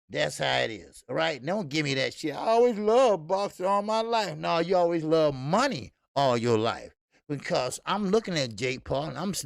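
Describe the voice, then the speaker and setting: A man with a high-sitting, gravelly voice hosts a live boxing stream, recorded at studio quality with no room sound. He greets the audience and rambles in a loose, profane rant stuffed with fillers.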